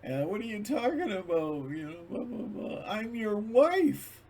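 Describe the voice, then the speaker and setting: A man voicing an upset, tearful wife in a high, shrill, pleading voice. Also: sing-song, normal speed, darkish tone, distant mic, a little hiss or hum.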